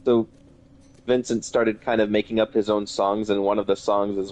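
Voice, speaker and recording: A man's voice: lowish voice, level tone, normal speed, a little mellow, highs cut off. A man streaming a horror game, chatting casually and telling stories between moments. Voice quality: chatty, storytelling asides. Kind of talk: casual chat while gaming.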